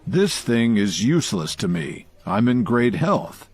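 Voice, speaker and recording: A man's voice: fairly low pitch, sing-song, unhurried, slightly rough, exaggerated voice. A man narrating an audio story voices a confident, generous male friend who insists on giving a gift. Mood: insistent.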